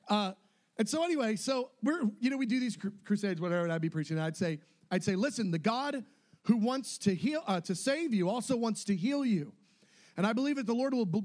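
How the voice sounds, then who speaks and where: A middle-aged man preaching and telling a story with lots of energy, laughing as he goes and acting out the voices of the people in it. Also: sits high. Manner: animated, laughing storyteller who acts out quoted voices. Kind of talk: sermon storytelling.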